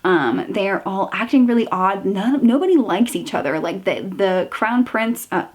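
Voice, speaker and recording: A woman's voice: mid-range voice, lively intonation, moderate pace. Chatty woman ranting about books. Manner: chatty, filler-heavy, exasperated ranting. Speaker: book reviewer. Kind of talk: casual book review chat.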